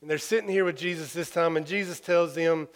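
Folksy preacher in an echoing hall. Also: male voice, on the high side, fairly even intonation. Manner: folksy, halting with fillers, humorous. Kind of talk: sermon storytelling. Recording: long hall reverb.

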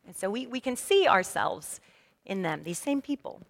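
A woman pastor preaching a sermon in a lively, conversational storytelling manner. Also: mid-range voice, normal speed, gravelly. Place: church sanctuary. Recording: long reverb of a church hall.

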